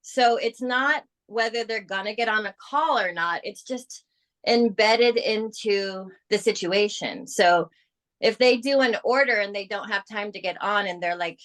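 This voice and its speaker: Energetic woman coaching her team. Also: medium pitch, unhurried. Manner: energetic, persuasive, acts out quoted clients. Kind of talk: coaching on a team video call.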